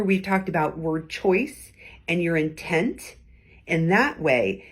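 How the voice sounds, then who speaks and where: A middle-aged woman with a low, husky voice talks straight to her viewers in a relaxed, teaching way. She drops into brief acted examples to show what she means, then returns to her easy conversational delivery. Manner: conversational, acts out tones in short quoted bits. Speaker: host giving weekly advice. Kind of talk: casual teaching talk to camera.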